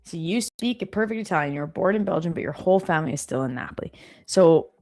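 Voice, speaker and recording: A woman hosting a live stream from an office, chatting casually and reading viewer comments aloud with quick, animated exclamations. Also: lowish voice, faint music behind.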